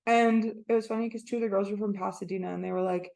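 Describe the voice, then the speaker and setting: A woman's voice: medium pitch, fairly even intonation, fast, creaky, darkish tone. A young woman co-hosting a podcast, telling stories in casual chat and acting out what people said. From Orlando area. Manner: chatty storytelling, acts out quotes. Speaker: podcast co-host.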